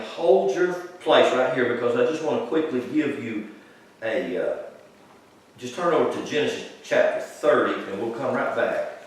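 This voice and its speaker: A man preaching a sermon to a congregation, explaining scripture and building to loud, high-pitched emphasis. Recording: echoey hall, distant from the mic.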